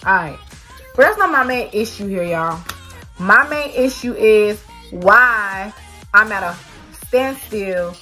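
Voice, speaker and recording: A woman vlogger telling a storytime to her viewers, animated and swearing freely. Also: medium pitch. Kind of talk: storytime vlog.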